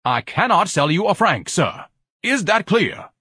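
A man's voice: sits high, sing-song, a little slow, sharp tone, slightly rough, no echo, clean studio sound, pitched above the performer's own voice, full character voice. A man voicing a pompous, fussy grown man who speaks in lofty, formal phrases. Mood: haughty. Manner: haughty, lofty, fussy diction, shrieks when upset.

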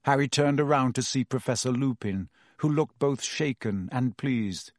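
A man reading a story aloud as an audiobook narrator, with a lively, dramatic delivery. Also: mid-range voice, moderate pace, dry recording, studio quality.

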